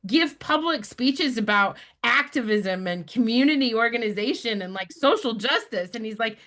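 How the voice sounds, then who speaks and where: A woman's voice: a little high, normal speed. A middle-aged woman from Utah, a spiritual director telling a personal story in a conversation and acting out the people she quotes. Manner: animated storyteller, acts out quoted friends. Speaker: guest, spiritual director and activist.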